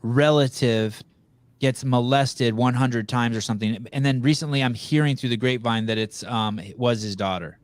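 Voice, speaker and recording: A man's voice: medium pitch, moderate pace. A man hosting a podcast, talking over a video call in a blunt, profane, rambling way. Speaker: podcast host. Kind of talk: casual interview chat.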